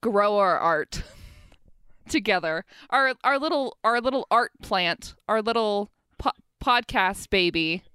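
Woman, podcast co-host, giggly, teasing, halting, animated pitch, dry close sound. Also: clean tone, no room sound. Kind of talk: casual banter.

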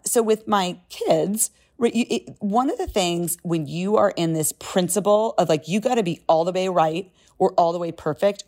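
A middle-aged woman talking casually and emphatically through a book summary, with animated asides. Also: on the low side.

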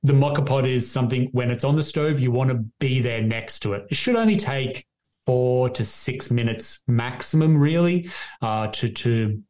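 An Australian man speaks as an interview guest, explaining in an easygoing, casual way. His voice sits at an ordinary middle pitch. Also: moderate pace, warm tone. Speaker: guest, coffee retailer.

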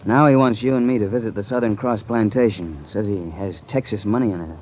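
A man's voice: fairly low pitch, fairly quick, darkish tone, close to an everyday voice. An actor playing Christopher, a male detective who narrates and talks with clipped, earnest suspicion in a 1940s radio drama. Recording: dull old radio recording, faint hiss.

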